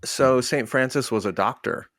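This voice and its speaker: With a mid-range, slightly bright voice at a moderate pace, a man co-hosts a casual podcast chat in a dry, studio-quality recording. His stories ramble, and he keeps correcting himself.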